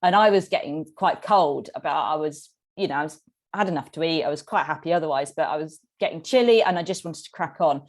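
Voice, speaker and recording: Her voice is low-pitched and her delivery fairly quick as she tells casual stories on a podcast. She's a guest there, a tandem cyclist. Giggly and animated, she laughs often, sometimes right in the middle of a sentence.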